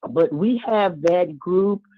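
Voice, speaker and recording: Lady calling in over a thin tinny phone line, lowish voice, heartfelt and chatty. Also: takes it slowly, dry recording. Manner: heartfelt, with warm asides and repeated words. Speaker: caller. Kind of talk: casual call-in talk.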